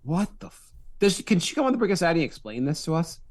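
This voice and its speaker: Lively joking man on a podcast. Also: on the high side, rapid-fire, no echo, studio quality. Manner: animated, joking, acts out quoted voices. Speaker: podcast co-host. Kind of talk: casual comedic banter.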